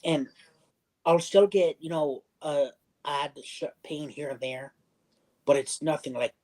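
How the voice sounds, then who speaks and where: In a casual livestream chat, a young man tells a personal story in a slightly high, darkish voice at a measured pace, captured on a rough recording. He rambles, loops back, restarts sentences, and acts out what other people said.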